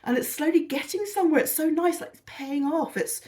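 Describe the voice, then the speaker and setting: A woman's voice: high-pitched, brisk, a little mellow. A British woman vlogger talking casually through a haul video, rambling, gushing and poking fun at herself, a little tired. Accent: British English. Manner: rambling, self-deprecating and gushing. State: tired and lethargic.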